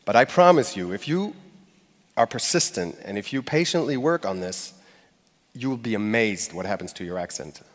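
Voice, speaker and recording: This conference speaker has a fairly low, expressive voice and keeps a moderate pace as he addresses a large hall from the stage. His delivery is conversational and full of fillers and restarts, and he acts out brief quoted phrases while laughing lightly. Long reverb from the hall trails his words.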